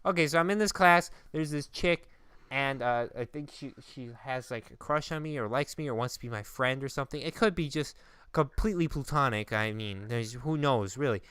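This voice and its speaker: A man's voice: medium pitch, normal speed, fairly bright tone, smooth, no echo. A young man from Minnesota, casually rambling through a story on a podcast and mocking himself as he goes. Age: young adult. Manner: rambling storyteller, self-mocking, trails off into filler syllables. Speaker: podcast co-host. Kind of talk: casual chat.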